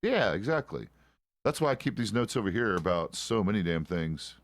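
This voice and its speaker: Deep-voiced man, lively and profane. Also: normal speed. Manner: loose and profane, rambling asides. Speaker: roleplay streamer playing a deputy. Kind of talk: casual in-character chat.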